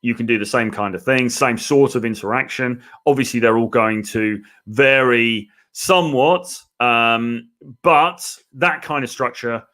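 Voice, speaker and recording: English guy coaching on a live stream, bright sharp tone, loose and chatty. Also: mid-range voice, a little slow. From England. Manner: casual, chatty, lots of fillers. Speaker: dating coach.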